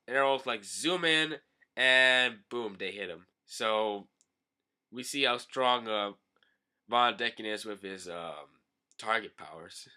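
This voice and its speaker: A man's voice: lowish voice, slow, pushed and bright, clear, resonant tone. A man giving a casual, profane and sarcastic comedic recap of a manga chapter, rambling as he goes. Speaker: manga reader and commentator.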